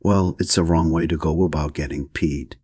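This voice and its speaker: A man's voice: very deep voice, fairly even intonation, moderate pace, darkish tone, slightly rough, no room sound, studio quality. A man voicing a placid, prim young woman in an audiobook reading, speaking in an unbothered drawl.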